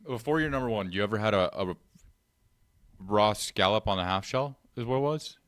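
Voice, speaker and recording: A man co-hosting a podcast, emphatic and excitable as he keeps pressing his point. His voice sits a bit low for a man. The recording is dry and close. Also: normal speed, smooth, dry recording. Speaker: podcast co-host. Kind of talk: casual chat.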